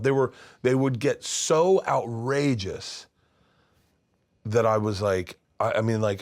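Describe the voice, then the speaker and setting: Middle-aged male comedian guest, animated storyteller, slips into voices, big laughs, lowish voice. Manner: excitable, acts out voices in his stories, laughs loudly. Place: his studio.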